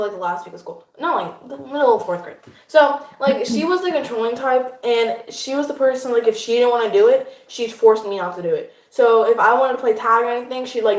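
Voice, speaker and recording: A woman's voice: fairly high pitch, echoey room. A young woman, the mother's daughter, telling a rambling story full of fillers. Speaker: guest, the host's daughter. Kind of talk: casual storytelling.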